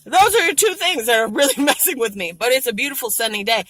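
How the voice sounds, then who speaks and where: A woman vlogger venting frankly to camera, swearing a lot and growing animated and exasperated. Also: quick pace, no room sound, low-quality recording. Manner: frank, heavily profane venting; animated, rising to high exasperation. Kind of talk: casual vlog rant to camera.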